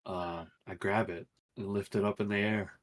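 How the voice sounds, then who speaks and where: A man's voice: on the low side, steady tone, normal speed. A man playing a tabletop role-playing game, talking casually and eagerly about his character's actions. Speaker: player.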